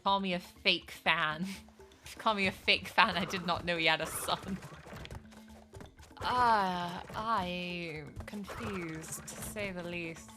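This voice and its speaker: A woman's voice: fairly low pitch, steady tone, measured pace, over music. A young woman streaming a game live, rambling in casual, self-mocking chat with her viewers as she plays.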